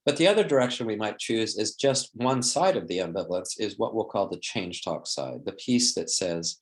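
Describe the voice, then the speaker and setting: A man's voice: fairly low pitch, animated, fairly quick, few pauses. A man leading a training lecture, explaining in a thoughtful way and acting out example phrases, often restarting his sentences.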